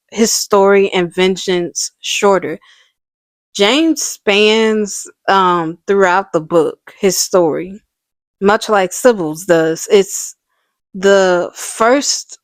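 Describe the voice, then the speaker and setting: A woman's voice: mid-range voice, dry recording. A woman giving a casual, analytical video essay on a novel and its film, with frequent "you know" fillers. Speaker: book reviewer.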